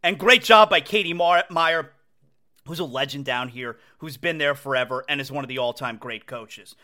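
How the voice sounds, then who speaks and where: A man hosting a casual sports talk show from home, excitable, repeating phrases and restarting sentences as he talks. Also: medium pitch, moderate pace.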